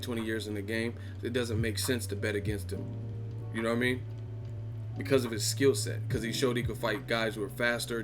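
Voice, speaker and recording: A man hosting a boxing live-stream chat, ranting and mocking viewers with lots of swearing. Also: medium pitch. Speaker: boxing channel host.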